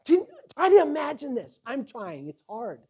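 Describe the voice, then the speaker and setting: A male pastor preaching a sermon, acting out quoted voices and swinging between loud emphasis and quiet asides. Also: very high-pitched, wildly swooping pitch, normal speed, breathy edge.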